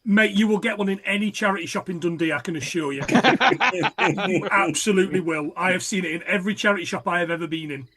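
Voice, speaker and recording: A man with a high, bright, slightly husky voice guests on a podcast. He drops wry, self-mocking quips in relaxed banter. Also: fairly quick. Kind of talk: casual chat.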